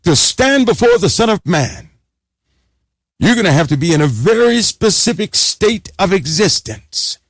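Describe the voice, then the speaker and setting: Urgent, animated male preacher. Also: high voice, measured pace, dry recording, studio quality. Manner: urgent and exhorting, repeats phrases for emphasis. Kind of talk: urgent sermon.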